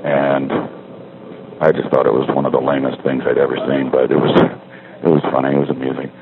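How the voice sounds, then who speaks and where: A man's voice: extremely low pitch, monotone, fairly quick. A middle-aged man calling from a street payphone, rambling wryly and correcting himself as he talks. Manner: meandering, self-correcting, wry. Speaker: caller leaving a spoken diary. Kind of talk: rambling casual monologue. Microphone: payphone handset. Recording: tinny payphone line with faint street noise.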